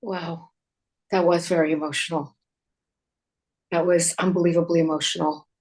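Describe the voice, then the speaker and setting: A woman host chatting with her guest after a talk, responding warmly and thinking aloud. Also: lowish voice, flat delivery, normal speed. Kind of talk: casual chat.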